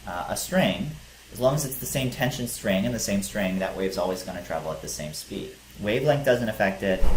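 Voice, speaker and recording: A male teacher giving a physics lecture, explaining step by step with some fillers. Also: on the low side. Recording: echoey room with faint hiss.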